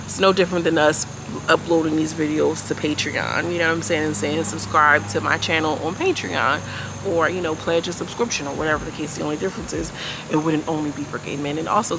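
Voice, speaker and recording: A woman's voice: low-pitched, quick pace, vocal fry, background noise. A woman giving a blunt, chatty recap of a reality show, talking straight to her viewers while she is outdoors. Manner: chatty, blunt, slangy, addresses viewers directly. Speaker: YouTube reality-show reviewer. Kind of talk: casual commentary recap. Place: outdoors by a street.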